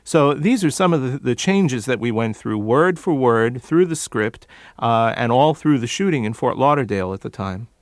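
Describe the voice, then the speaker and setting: A man, a dialect coach interviewed as a guest, who demonstrates accents by repeating words in a measured way. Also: medium pitch, lively intonation, no room sound, clean studio sound.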